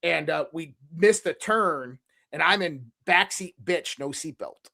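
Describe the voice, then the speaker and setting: A young adult man, a podcast guest, telling personal stories in a casual, animated way, imitating sounds and restarting his sentences often. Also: on the high side, measured pace, gravelly, no echo, studio quality. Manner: animated storyteller who imitates sounds, with frequent restarts and fillers. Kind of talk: casual conversational storytelling.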